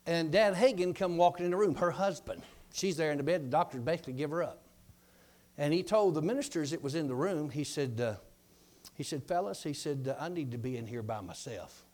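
A man preaching a sermon, telling a story in a folksy, rambling way and dropping his voice low when quoting others. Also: brisk, darkish tone.

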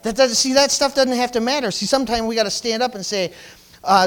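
A man's voice: very high-pitched, a little fast, fairly bright tone. A male pastor preaching a fervent sermon, calling out hallelujahs and repeating lines for emphasis.

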